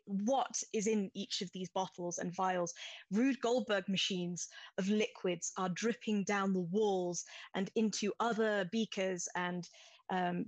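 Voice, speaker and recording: A woman's voice: mid-range voice, no echo, low-quality recording. A woman narrating a tabletop game as game master, describing scenes at length with many restarts.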